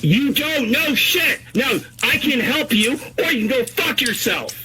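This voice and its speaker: A man's voice: very high-pitched, expressive, a little slow, pushed and bright, breathy edge. A man in a played podcast clip, swearing and domineering as he talks down to another man. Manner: profane, insulting, domineering. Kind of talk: heated argument on a podcast clip.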